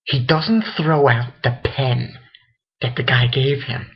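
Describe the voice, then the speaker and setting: A man's voice: mid-range voice, fairly even intonation, slow pace, breathy edge. A man giving a casual, rambling spoken recap of an anime episode, full of fillers and swearing. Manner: rambling, loose, swears a lot, many fillers. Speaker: anime reviewer. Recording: dull lo-fi recording.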